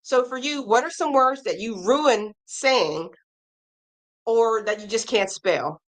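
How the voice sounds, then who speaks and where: This woman speaks slowly in a fairly high voice while hosting a casual crochet live stream. She talks with viewers, voices their comments and responds, and goes through pattern blurbs with a cheerful tone.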